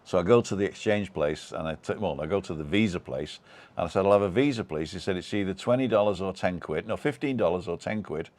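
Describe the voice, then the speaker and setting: A man's voice: sits low, fairly quick, darkish tone. A British man hosting a live stream, chatting casually and reading out viewer comments in a rambling way with many fillers. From United Kingdom.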